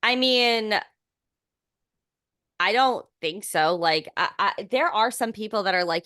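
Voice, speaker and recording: A young podcast co-host speaks in a medium-pitched, clean-toned voice, slowly and with long pauses. Her casual chat rambles with lots of fillers and restarts, getting animated when she's amused. The recording is dry with clean studio sound.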